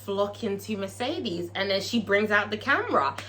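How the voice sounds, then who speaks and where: A woman giving a chatty, animated and profane recap of a TV episode, laughing often. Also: mid-range voice, normal speed. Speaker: TV episode reviewer. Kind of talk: casual recap commentary.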